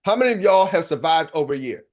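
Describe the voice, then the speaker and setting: A man's voice: fairly high pitch, lively intonation, fast, darkish tone. Older guy coaching a seminar, punchy, keeps asking the crowd questions. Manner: punchy, rhetorical, calls out to the audience. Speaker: business coach. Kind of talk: energetic live seminar talk.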